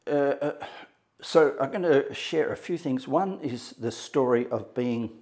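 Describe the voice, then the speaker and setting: A man giving a motivational talk, telling a story with dramatic pauses and acting out quotes. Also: mid-range voice, a little mellow. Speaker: motivational speaker.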